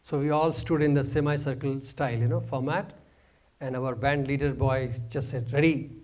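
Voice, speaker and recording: A man telling a lively personal story in a talk, acting out sounds and laughing along. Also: medium pitch, normal speed. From India. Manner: animated, mimics sounds, laughs while telling. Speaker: speaker.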